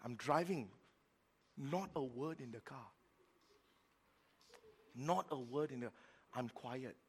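A middle-aged man preaching a sermon as pastor, telling a story with emphatic repetition and sudden swings between loud and quiet. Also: mid-range voice, takes it slowly, husky. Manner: repeats words for emphasis.

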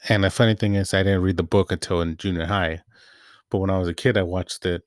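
A man's voice: deep voice, fast talker, no room sound, clean studio sound. A young man giving a casual, rambling movie recap, often correcting himself mid-sentence. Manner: rambling, self-correcting, relaxed. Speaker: movie vlogger.

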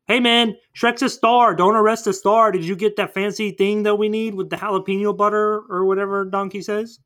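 A casual, slangy young dude, as a man puts him on, talks in an easygoing way. The voice sits somewhat higher and louder than the performer's usual talk. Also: level tone, a little fast. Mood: laid-back.

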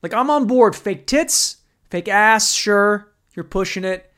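A man's voice: high-pitched, lively intonation, slow pace, a bit bright. Crude, rambling man ranting comedically. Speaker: podcast host. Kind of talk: comedic rant.

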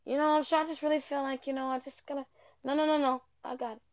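A woman's voice: high-pitched, little pitch movement, quick pace, no room sound, voice pushed up. A woman imitating a timid young man who sounds hesitant and unsure. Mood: meek. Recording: dull lo-fi dry recording.

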